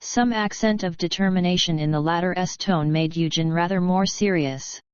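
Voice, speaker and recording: A woman narrating a classic novel as an audiobook in measured storytelling. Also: on the low side, clear, resonant tone, dry recording, lo-fi sound. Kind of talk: scripted narration.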